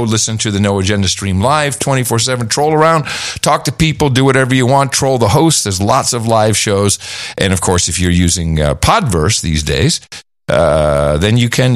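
In casual podcast chat, a male co-host with a mid-range, fairly bright voice rambles slightly and leans on fillers.

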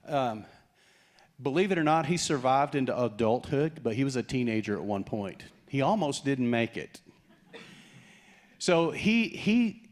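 A middle-aged male pastor preaching a sermon, telling stories with humor and acting out quoted voices. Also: mid-range voice. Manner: animated storytelling, acts out quoted voices with humor.

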